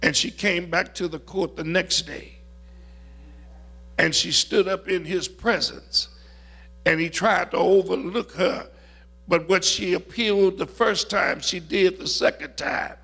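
A man preaching a sermon, telling stories slowly and rising into loud, shouted climaxes. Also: sits high, steady tone, gravelly, breathy edge.

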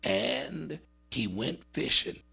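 Gravelly, raspy preacher man. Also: animated, extremely slow, pushed and bright. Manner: dramatic, swings from high urgent cries to low murmurs. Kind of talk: sermon.

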